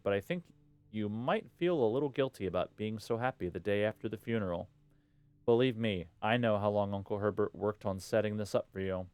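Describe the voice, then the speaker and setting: Man voicing a cheery, fond middle-aged dad, low-pitched and smooth, reading his letter aloud. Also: a little mellow, no echo, lightly acted.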